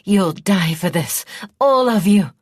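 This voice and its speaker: A woman voicing a weakened, furious young princess who screams herself hoarse. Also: medium pitch, animated, slow, dry recording, clean studio sound, pitched above the performer's own voice. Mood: enraged screaming.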